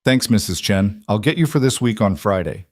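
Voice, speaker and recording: A man's voice: lowish voice, lively intonation, normal speed, a little mellow, no echo, studio quality. A man playing a tired, protective single father and mechanic who talks in a blunt, guarded way, in audiobook narration.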